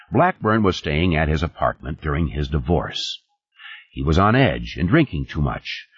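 Man reading an audiobook, husky voice, dry dull lo-fi sound. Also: deep voice, dry recording. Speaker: audiobook narrator. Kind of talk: audiobook narration.

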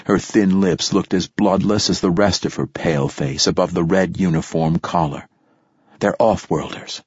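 A man narrating a science fiction story in a measured, steady reading style. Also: deep voice, breathy edge, no echo, highs cut off. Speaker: audiobook narrator. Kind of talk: scripted narration.

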